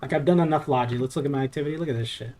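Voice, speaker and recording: A man's voice: mid-range voice, rapid-fire, a little mellow, slight background noise. A young man from Southern California streaming a game, chatting casually in a loose, profane, rambling way. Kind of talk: casual live-stream chat while playing.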